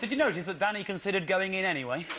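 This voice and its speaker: A comedian on stage, telling an excitable, indignant comic story with slides. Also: male voice, sits high, rapid-fire, a loud crowd, heavy background noise. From Britain. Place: theatre stage.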